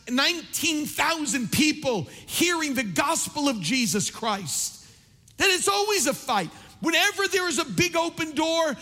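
A man's voice: very high-pitched, bright, forceful tone. A man preaching a sermon as pastor, building fervor with rhetorical questions, in a large church sanctuary. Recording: long reverb of a large hall.

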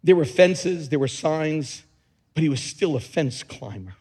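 A man preaching a sermon as pastor, his passionate delivery swinging between hushed, quiet moments and shouted peaks. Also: a little high, lively intonation, unhurried, slightly rough, long reverb tail.

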